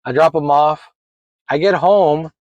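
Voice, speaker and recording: Man, 40s, slightly high voice, loose rambling storyteller, dry close sound. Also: unhurried, no echo, lo-fi sound. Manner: rambling, animated, laughs while telling. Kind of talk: casual personal storytelling.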